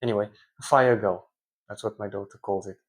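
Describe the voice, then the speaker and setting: A man's voice: fairly low pitch, steady tone, moderate pace. A man giving a casual, conversational monologue, often correcting himself mid-sentence. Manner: rambling, self-correcting, conversational. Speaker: speaker, parent.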